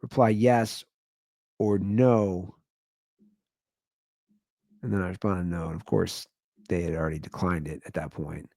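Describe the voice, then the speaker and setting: A man in his thirties hosting his own comedy podcast, rambling through a monologue and jumping into high, incredulous exclamations. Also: steady tone, fast, vocal fry, darkish tone, husky, dry recording, clean studio sound.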